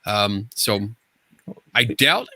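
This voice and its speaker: A man's voice: fairly low pitch, extremely slow, no room sound. A man co-hosting a podcast in casual chat, talking in a hesitant way with frequent ums and uhs. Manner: animated, filler-heavy, hesitant. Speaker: podcast co-host.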